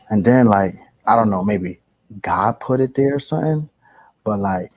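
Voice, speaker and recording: A man's voice: lowish voice, moderate pace, no room sound, lo-fi sound. A young man, casually telling a slangy, rambling story and correcting himself as he goes. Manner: rambling, slangy, animated retelling with self-corrections.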